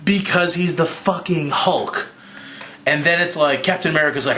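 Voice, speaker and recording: A slightly drunk young man casually recapping a movie, swearing freely and acting out lines in a raised voice. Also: normal speed. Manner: profane, excitable, acts out quotes in a higher voice. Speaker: movie reviewer.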